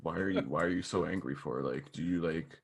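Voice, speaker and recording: A man's voice: deep voice, a little fast, vocal fry, slightly rough. A man co-hosting a music podcast in crude, rambling casual chat, full of "like". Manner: crude, rambling, heavy use of "like". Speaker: podcast co-host.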